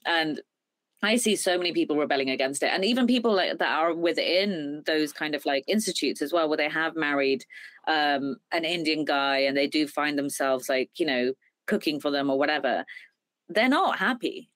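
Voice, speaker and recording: A woman's voice: low voice, normal speed, fairly bright tone, no echo. A woman guest on a podcast, talking thoughtfully in casual chat with many fillers like "like" and "you know". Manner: filler-heavy, thoughtful, lots of "like".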